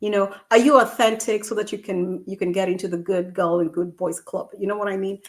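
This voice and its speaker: A woman's voice: medium pitch, steady tone, fairly quick. A woman hosting an interview, thinking aloud as she asks questions, with many "you know" fillers. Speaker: podcast host. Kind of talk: conversational interview.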